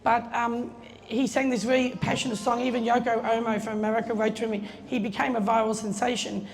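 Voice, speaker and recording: Brisk, chatty woman in her middle years telling anecdotes aloud, recorded in a reverberant hall. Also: fairly high pitch, level tone. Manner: chatty, laughing, acts out quoted voices. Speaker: guest speaker telling a story at an opening. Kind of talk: casual anecdotal speech. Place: event space. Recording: long reverb, faint room noise.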